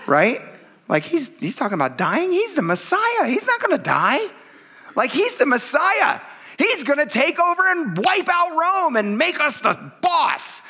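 A pastor preaching a sermon in a conversational, joking and emphatic way, often checking in with the congregation. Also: male voice, very high voice, huge pitch swings, measured pace, pushed and bright.

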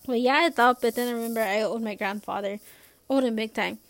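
A woman's voice: on the high side, fairly quick. Young woman casually reading a novel aloud. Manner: casual, with stumbles and asides. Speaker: reader.

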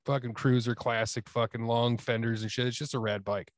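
A man's voice: mid-range voice, little pitch movement, fairly quick, no echo, studio quality. Laid-back, profane man in casual chat. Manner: laid-back, profane, enthusiastic about motorcycles. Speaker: podcast guest.

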